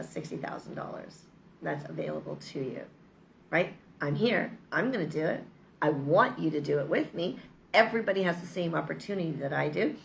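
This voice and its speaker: Gravelly-voiced woman, chatty and upbeat. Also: low voice, a little hiss or hum. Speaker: vlogger. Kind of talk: casual motivational vlog. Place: lives in Mexico.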